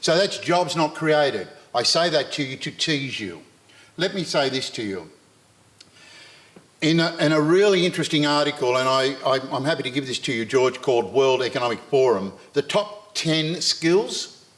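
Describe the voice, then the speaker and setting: A man's voice: medium pitch, expressive, normal speed, fairly bright tone. Earnest Australian man in his sixties. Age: 60s. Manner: earnest, repetitive, addresses listeners directly. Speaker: panel speaker and university lecturer. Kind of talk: live panel talk to an audience.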